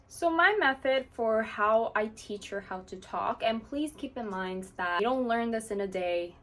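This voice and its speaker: A woman's voice: on the high side, animated, a little slow, fairly bright tone. A woman talking casually to the camera as a channel host, explaining how she does things in a chatty way and filling her talk with "like". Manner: chatty and explanatory, with frequent fillers like "like". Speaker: parrot owner and channel host.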